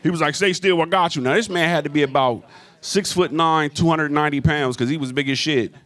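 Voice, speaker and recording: A man's voice: on the high side, fairly quick, a bit bright. A man doing a stand-up comedy set in a club, telling a profane story with lots of crowd work.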